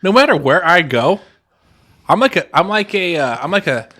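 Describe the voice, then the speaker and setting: A man's voice: sits high, very animated, normal speed, pushed and bright. A young man co-hosting a podcast, telling a story in casual chat with boastful, joking energy. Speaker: podcast co-host.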